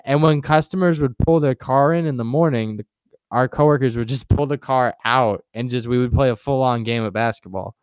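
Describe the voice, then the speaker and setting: A man's voice: medium pitch, fairly quick, smooth, no echo, highs cut off. A young man on a podcast, laid-back and joking, swearing casually as he tells a story. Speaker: podcast co-host. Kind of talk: casual chat.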